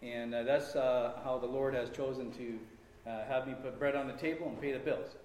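The recording is very noisy, with an echoey hall and a speaker far from the mic. This middle-aged lay speaker at church has a medium-pitched, steady voice at normal speed, rambling through a personal story with fillers and restarts.

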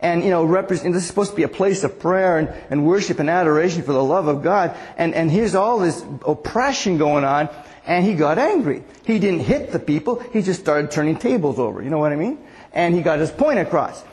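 A man in his sixties, a pastor, gives a casual sermon in a voice on the high side, fairly quick and darkish with lively intonation. He tells stories chattily with many restarts, and the hall adds echoey reverb.

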